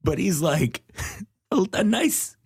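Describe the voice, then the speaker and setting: A man, a comedian guest, chatting casually on a podcast in an animated, jokey way and laughing often. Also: high-pitched, takes it slowly, creaky, husky.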